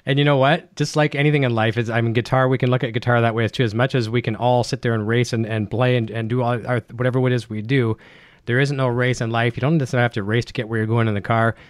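Fast-talking enthusiastic male livestream host. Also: mid-range voice, flat delivery, no room sound, clean studio sound. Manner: upbeat, rapid, enthusiastic. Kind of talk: live-streamed interview chat.

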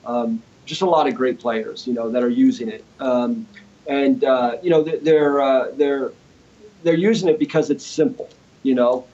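A man's voice: medium pitch, normal speed, dull audio. A man, a guitarist and inventor, telling a story as a guest in a casual interview, acting out the other people's lines as he goes. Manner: animated storyteller acting out quoted voices. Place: home studio.

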